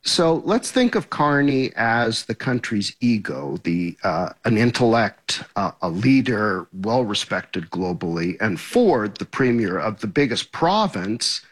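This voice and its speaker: A man speaking as a professor in a radio news interview, measured and analytical, pausing on fillers and restarting his sentences. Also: lowish voice, sing-song.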